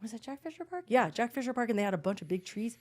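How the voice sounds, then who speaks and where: A woman podcast co-host telling stories in casual chat, animated and swearing, acting out quotes. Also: on the high side, rapid-fire.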